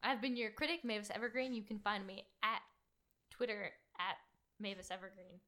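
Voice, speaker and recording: A woman's voice: medium pitch, steady tone, normal speed, pushed and bright. A woman film critic on a podcast in casual chat, making dry, joking asides.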